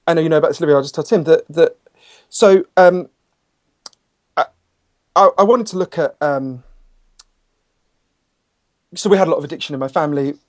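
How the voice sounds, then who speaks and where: A man talks at a rapid clip as a podcast guest, spinning stories with chatty energy and self-deprecating asides. His voice sits a little higher than most men's. He sounds engaged and quick on his feet. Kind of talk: conversational interview storytelling.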